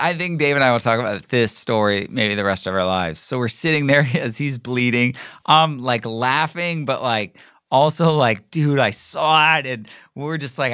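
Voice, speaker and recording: A man's voice: mid-range voice, a bit bright, no echo, studio quality. A middle-aged man hosting his own podcast, telling a casual story in a rambling way with many fillers and restarts. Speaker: podcast host. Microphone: recording himself solo.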